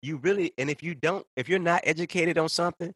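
Fast-talking man on a heated rant. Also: on the high side, a bit bright, slightly rough, dry recording. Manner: heated, profane, fast ranting. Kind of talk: casual podcast rant.

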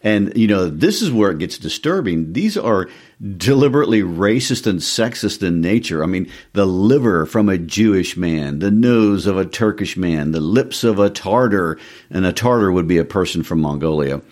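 A man's voice: deep voice, animated, moderate pace, a little mellow. A man co-hosting a podcast, talking through a play in a loose, chatty way with lots of fillers. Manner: chatty, many "uh" and "you know" fillers. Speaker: podcast co-host. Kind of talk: casual literary discussion.

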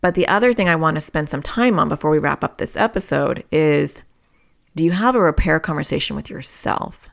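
A woman's voice: deep voice, animated, fairly quick, creaky. A middle-aged woman hosting a parenting podcast, talking candidly and reflectively while she speaks straight to her listeners. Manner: candid and self-reflective, addresses listeners directly. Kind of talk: reflective solo podcast talk.

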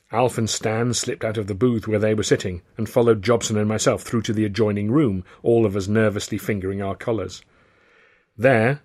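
A man's voice: fairly low pitch, darkish tone. A man reading his own novel aloud as first-person narrator, in a wry storytelling manner. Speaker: author and narrator.

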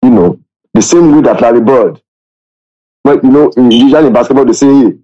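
A man co-hosting a sports podcast, making his points haltingly with many fillers and restarts. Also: mid-range voice, warm tone. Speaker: podcast co-host. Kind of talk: casual sports podcast chat. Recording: dull lo-fi sound.

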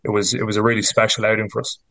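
Irish man in his thirties, casual podcast guest, rambling and flat-pitched, dry close mic. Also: racing, no echo, low-quality recording. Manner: chatty, rambling storyteller with many fillers. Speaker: rugby player guest.

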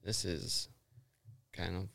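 A man's voice: low-pitched, slow pace, gravelly, fairly bright tone. A man co-hosting a casual podcast, reading a story aloud with laughs, swearing and restarts. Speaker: podcast co-host.

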